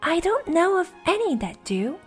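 Woman putting on a small polite girl, high bright lilt, timid and eager, faint music. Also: sing-song, a little slow, breathy edge, full character voice. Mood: earnest. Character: polite curious young girl.

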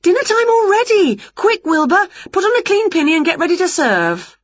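A woman's voice: on the high side, husky, no echo, lo-fi sound, voice pushed up, exaggerated voice. Winnie, a woman voicing a giddy witch. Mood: bustling. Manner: excited, drawn-out and playful. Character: scatty cheerful female witch.

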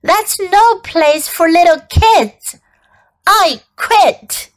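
A woman reading a storybook aloud, voicing a jittery, boastful male fox in a high, excitable voice. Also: drawn-out words, heavily acted. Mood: indignant.

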